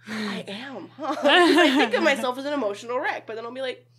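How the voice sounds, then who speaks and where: A young woman in casual conversation, animated, laughing often and swearing freely. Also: high voice, brisk. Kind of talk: casual chat.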